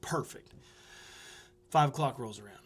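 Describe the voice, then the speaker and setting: A man's voice: medium pitch, measured pace, vocal fry, husky. A man, a small-town entrepreneur, telling a story as a podcast guest in a casual way, acting out what people said and leaning on fillers like "you know.". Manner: animated storyteller who acts out quoted dialogue.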